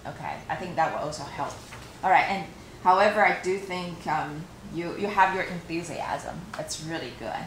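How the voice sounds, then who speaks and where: Lower-voiced woman coaching students in an echoey room. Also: normal speed, slight background noise. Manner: coaching, frequent "okay", demonstrates phrases. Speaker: teacher giving interview feedback. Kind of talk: classroom feedback to students. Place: classroom. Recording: echoey classroom, faint ambience.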